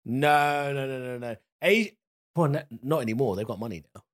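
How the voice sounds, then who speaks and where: A man co-hosting a casual comedy podcast, blunt and teasing, quick to laugh. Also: mid-range voice.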